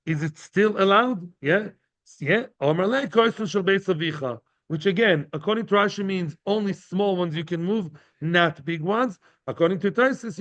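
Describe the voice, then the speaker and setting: Male Talmud teacher, high pitch, live class in a study hall, repeats and checks in with listeners, dull recording. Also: a bit bright. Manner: translates each phrase and repeats himself, checking in with "yeah?".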